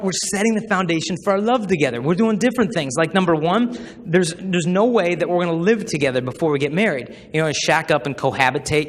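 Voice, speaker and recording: A young man giving a live talk to a crowd, telling stories with humor and acting out the people he quotes. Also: fairly high pitch. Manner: humorous storyteller who acts out quoted voices. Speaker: speaker at a chastity talk. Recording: long hall reverb from a live talk.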